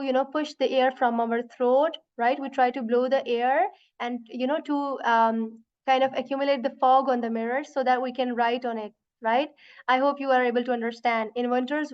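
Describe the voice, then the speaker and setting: A woman teaching an online beginners' lesson on letter sounds, patient and repetitive, often checking in with "right?" and demonstrating sounds slowly. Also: high-pitched, lo-fi sound. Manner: patient, repeats sounds slowly, many "you know" and "right?". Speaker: Quran teacher.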